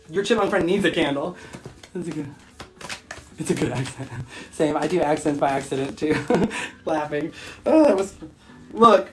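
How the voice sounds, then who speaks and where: A woman's voice: sits low, animated, normal speed, long pauses, faint music behind. A woman hosting a casual phone livestream, bubbly and laughing often as she reacts to viewer comments. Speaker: livestream host and spiritual shop owner.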